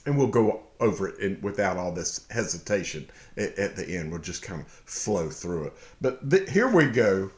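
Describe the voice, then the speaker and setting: A man slowly reading and explaining a Bible psalm, halting often, then bursting into excited shouts. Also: deep voice. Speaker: Bible teacher. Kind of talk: casual verse-by-verse Bible reading and commentary. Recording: echoey room.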